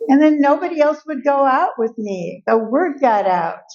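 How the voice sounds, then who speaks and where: An older woman speaking as a guest speaker, telling personal stories in a lively way and acting out the voices of the people in them. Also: sits high, moderate pace, hardly any pauses, muffled recording, crowd noise. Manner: lively storytelling, acts out quoted voices. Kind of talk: personal storytelling talk. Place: event room.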